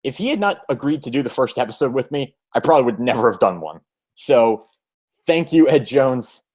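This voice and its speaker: A man's voice: mid-range voice, animated, fairly quick, darkish tone. A man hosting a podcast, chatting casually and rambling, with frequent restarts and self-deprecating asides. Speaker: podcast host.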